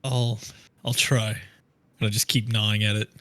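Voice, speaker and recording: A man's voice: on the low side, flat delivery, moderate pace, a bit bright. A man playing in a tabletop game, casually and self-mockingly describing his character's actions. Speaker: player.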